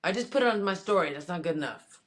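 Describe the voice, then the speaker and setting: A woman's voice: fairly low pitch, expressive, quick pace. A woman boxer from Miami, chatting casually as an interview guest, easygoing and joking. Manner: joking, easygoing, self-promoting.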